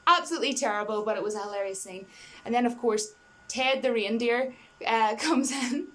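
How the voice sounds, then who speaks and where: A woman's voice: a little high, fairly quick, a bit bright. A woman giving a casual, rambling film review, enthusiastic and laughing between points, full of "you know" and restarts.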